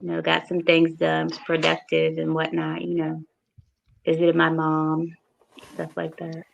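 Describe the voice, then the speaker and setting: Woman w a gravelly lowish voice, chill panel chat. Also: monotone, unhurried, dull audio, slight background noise. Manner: chatty, easygoing, thinks aloud. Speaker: podcast panelist. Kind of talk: casual chat.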